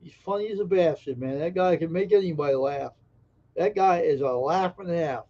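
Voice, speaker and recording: A man's voice: a little high, a little fast, warm tone, muffled recording. Brash joking man streaming live. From Massachusetts. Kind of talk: casual live stream chat with viewers.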